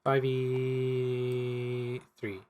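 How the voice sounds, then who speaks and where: A man's voice: mid-range voice, monotone, drawn-out words, darkish tone. A man playing a cooperative card game, reading the story text aloud and stumbling and correcting himself as he goes.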